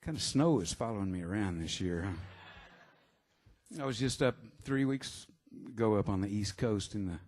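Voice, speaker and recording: A man, a singer-songwriter, chatting between songs at a live show in a halting, rambling way with many fillers. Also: fairly low pitch, darkish tone. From Texas. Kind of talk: stage banter between songs. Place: live music venue. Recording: live concert with guitar playing. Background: guitar music.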